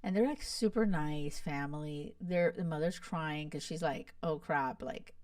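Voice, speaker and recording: A woman's voice: sits low, normal speed, a little mellow, smooth, no room sound, studio quality, recorded from a distance. A young woman hosting a podcast, chatting casually and gushing about a reality show, full of "like" and "you guys.". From Miami. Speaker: podcast host. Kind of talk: casual chat.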